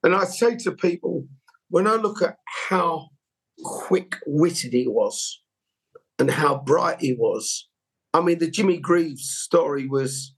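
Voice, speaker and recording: A man with a fairly high, husky voice tells long anecdotes as an interview guest. He rambles from one detail to the next with open, heartfelt candour. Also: animated, takes it slowly, low-quality recording. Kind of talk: conversational storytelling.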